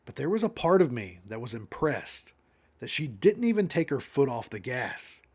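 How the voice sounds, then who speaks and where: A man's voice: mid-range voice, big pitch swings, normal speed, darkish tone, breathy edge. A man reading the inner narration of a cold, detached woman in a comic. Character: calm, remorseless woman narrator, chillingly detached.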